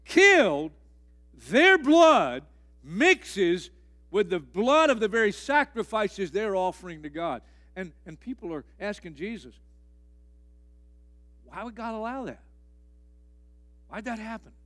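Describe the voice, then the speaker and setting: A middle-aged man preaches a sermon in a church with a notably high voice for a man. He hammers home phrases by repeating them. His delivery rises to near-shouts and then drops to a hush. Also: expressive, moderate pace, pauses often. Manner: emphatic, repeating key phrases, swings between loud and hushed. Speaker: pastor. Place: church sanctuary.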